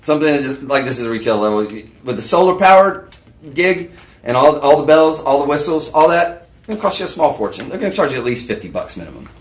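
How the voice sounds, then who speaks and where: A man hosting a live home shopping show, pitching products in a chatty, rambling way with lots of fillers and restarts. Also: very animated, fast talker, echoey room. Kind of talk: live on-air sales pitch. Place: TV shopping studio.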